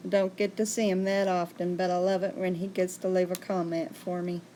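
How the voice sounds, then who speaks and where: A woman's voice: fairly low pitch, flat delivery, fairly quick, dark tone, a little hiss or hum. A woman hosting a casual livestream, chatting and answering viewer comments. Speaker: livestream host.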